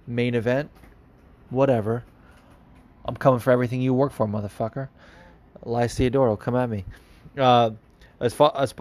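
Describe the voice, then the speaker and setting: A man's voice: medium pitch, darkish tone. A man hosting a podcast, answering listener questions in casual, rambling chat with lots of fillers and restarts. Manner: rambling, many fillers and restarts, laughs often. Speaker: podcast host.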